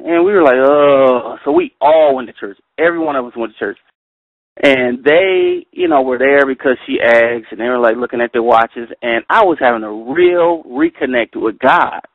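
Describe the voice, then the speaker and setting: A middle-aged man leading a Bible study, reading verses slowly and carefully, then telling personal stories with animated delivery. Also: mid-range voice, dry recording. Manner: animated storyteller, reads scripture slowly and carefully. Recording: tinny phone line, dry.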